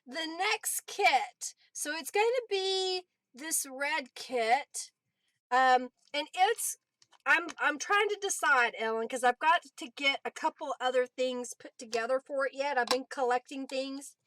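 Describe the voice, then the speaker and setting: High, slow-talking woman crafter. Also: pushed and bright, dry recording. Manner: chatty, answers viewers by name, laughs often. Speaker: craft livestream host. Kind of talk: casual livestream chat while crafting.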